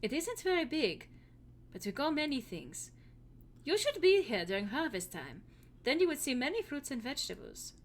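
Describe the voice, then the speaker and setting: A woman's voice: high-pitched, sing-song, normal speed, pitched above the performer's own voice. A woman voicing a polite, wistful young farm girl, trying a German-style accent with stiff, formal phrasing. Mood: earnest. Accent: attempted German-style accent.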